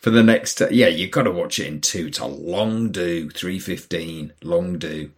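A man with an English accent, co-hosting a podcast in casual chat, joking and quick to laugh. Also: deep voice. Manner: jokey, breaks into laughs. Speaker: podcast co-host.

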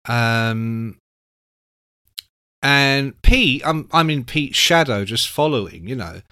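Lively older man telling a story. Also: mid-range voice, slow, clear, resonant tone, no echo, studio quality. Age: 60s. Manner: animated, acts out quoted voices, swears freely. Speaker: guest. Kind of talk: casual storytelling.

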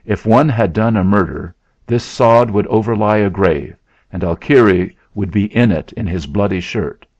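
A man voicing a blustering, sneering landowner in a storybook reading, taunting loudly. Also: fairly low pitch, measured pace, dry recording. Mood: mocking. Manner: mocking, shouting taunts. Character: blustering sneering middle-aged male landowner. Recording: dull lo-fi recording.

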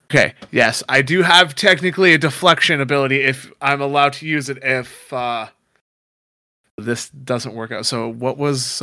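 A man playing in a casual tabletop game, quick and correcting himself. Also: medium pitch, vocal fry, bright, forceful tone, no echo, clean studio sound. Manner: fast, self-correcting. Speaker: player.

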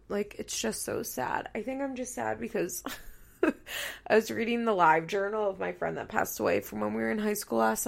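A woman's voice: mid-range voice, gravelly. A woman in her thirties hosting a recap podcast, talking candidly and tearfully, blunt and profane, rambling and correcting herself as she goes. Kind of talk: candid casual chat.

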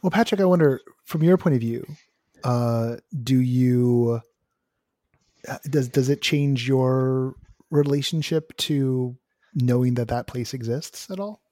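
A man's voice: mid-range voice, a little slow, warm tone, dry recording, clean studio sound. A man co-hosting a podcast, rambling and laughing a lot, a bit loopy after a flu shot. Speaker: podcast co-host. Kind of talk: casual chat.

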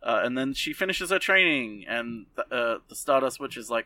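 A man's voice: medium pitch, expressive, normal speed, few pauses, bright, forceful tone, no room sound, far from the mic. A man hosting a podcast, recapping an anime in a rambling, sarcastic casual way. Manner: rambling, sarcastic, lots of fillers. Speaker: podcast host.

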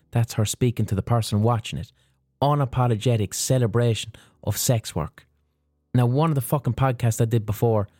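Swearing man, mellow low voice. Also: no echo. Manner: profane, storytelling with acted-out quotes. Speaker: podcast host. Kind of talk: casual podcast monologue.

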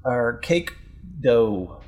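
A man's voice: mid-range voice, animated, extremely slow, darkish tone, a little hiss or hum. A man playing a tabletop game, stammering and rambling, with exaggerated wails. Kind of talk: in-character play, casual.

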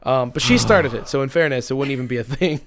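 A man's voice: mid-range voice, expressive, quick pace, background noise. A young man co-hosting a podcast, chatting casually and rambling through stories while laughing often. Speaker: podcast co-host. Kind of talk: casual chat.

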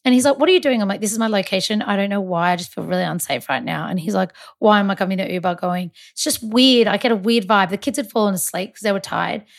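Woman, thirties, from Malta, casual chat, storytelling, acts out quoted voices, middle pitch. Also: quick pace, vocal fry, few pauses.

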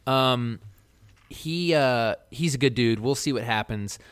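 A man's voice: medium pitch, slow, smooth, no room sound. A man co-hosting a podcast in casual chat, easygoing and upbeat with many fillers. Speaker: podcast co-host.

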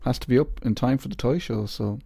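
A man's voice: medium pitch, fairly quick, gravelly, dark tone, slightly rough, dry recording, studio quality. A man hosting his podcast in a rambling, self-mocking casual chat. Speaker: podcast host.

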